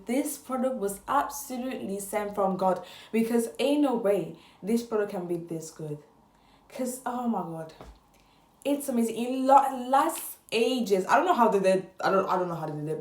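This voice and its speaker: A woman's voice: mid-range voice, reverberant. A woman vlogging casual beauty product reviews in a gushing way, repeating her words for emphasis.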